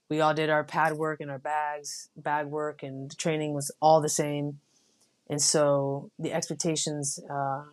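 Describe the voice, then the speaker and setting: Low-voiced woman telling stories. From United States. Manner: relaxed storytelling with many fillers. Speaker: podcast guest, Marine officer. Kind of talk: casual interview.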